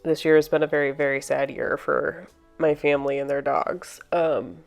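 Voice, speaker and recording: Woman vlogger with a low voice, voiceover for a painting video, soft-spoken, a little teary and halting, light music under her. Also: flat delivery, vocal fry. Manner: emotional, halting, with sighs and restarts.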